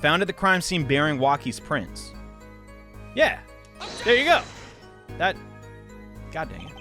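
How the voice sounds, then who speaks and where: An excitable man narrating his own play of a courtroom game. He mutters to himself and mocks himself, with a lively voice that leaps up and down in pitch. Faint game music plays under him. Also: measured pace. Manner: excitable, self-mocking, talks to himself while playing. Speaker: gaming YouTuber. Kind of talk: let's-play commentary.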